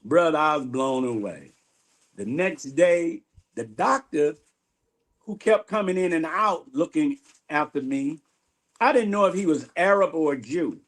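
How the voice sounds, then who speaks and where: A man giving an animated spiritual testimony in an interview, acting out the dialogue he recounts. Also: fairly high pitch, unhurried. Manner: animated storyteller, acts out quoted dialogue. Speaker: guest minister.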